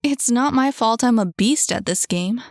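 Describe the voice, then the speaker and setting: A woman's voice: on the high side, moderate pace, no echo, clean studio sound, lightly acted. A woman voicing a boastful, teasing young woman who loves to win at video games. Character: teasing young woman gamer, cocky and playful.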